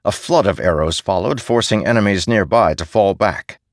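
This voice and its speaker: A man giving measured, steady scripted narration as an audiobook narrator. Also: on the low side, no room sound. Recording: dry close studio sound.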